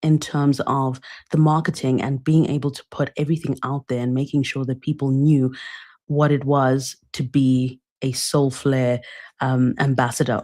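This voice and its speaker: Woman, British accent, podcast host, mellow voice, hesitant warm delivery. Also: rumbling low. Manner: warm, hesitant, with many fillers. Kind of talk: casual interview chat.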